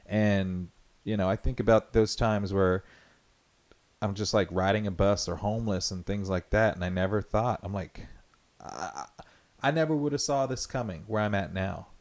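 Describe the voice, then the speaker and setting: Male podcast host, lowish voice, earnest and rambling, reflective solo talk. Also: normal speed, darkish tone. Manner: earnest, rambling, with many "like" fillers and restarts.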